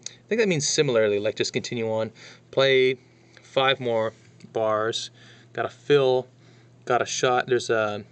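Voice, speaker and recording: A man teaching how to read a drum chart in a casual lesson, talking through it bar by bar and counting rhythms out loud. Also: medium pitch, smooth. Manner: chatty, counts rhythms aloud, thinks out loud. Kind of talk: casual music lesson walkthrough.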